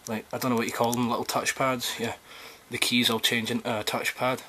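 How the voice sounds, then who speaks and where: A man rambles through a casual unboxing vlog, cursing at the packaging and joking about himself. His voice sits at an ordinary middle pitch. A clear hiss of background noise runs under the home recording. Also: flat delivery, a little fast, sharp tone. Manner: rambling, swears often, self-deprecating. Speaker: vlogger unboxing a controller keyboard.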